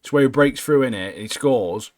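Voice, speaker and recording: Excitable man chatting casually. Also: medium pitch, moderate pace, no room sound. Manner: excitable, laughs a lot, says "mate" constantly. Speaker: podcast co-host. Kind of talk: casual chat.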